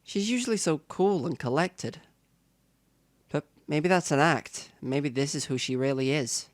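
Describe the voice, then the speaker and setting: A man's voice: a little high, a little slow, no echo. A man playing through a visual novel, reading the narration aloud in first person with asides to the viewer. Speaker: let's player.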